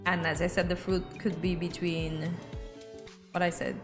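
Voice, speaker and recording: A woman co-hosting a morning show, playfully giving halting clues in a word-guessing game. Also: on the low side, level tone. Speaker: co-host. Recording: roomy echo with faint music.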